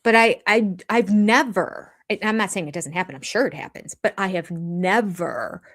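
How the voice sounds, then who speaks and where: Hosting a livestream for her reality TV recap channel, an older woman with a slightly low voice chats casually with viewers. She rambles, restarts sentences, and drifts into quoted asides.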